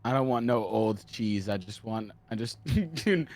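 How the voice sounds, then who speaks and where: A man's voice: fairly low pitch, expressive, unhurried, darkish tone, a little hiss or hum. A man from the United States joking and teasing his friends in a casual gaming chat. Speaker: streamer.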